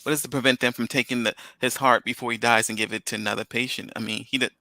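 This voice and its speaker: A man's voice: medium pitch, level tone, quick pace, pushed and bright, no echo. A man joining a casual opinion chat, wry and laughing as he argues.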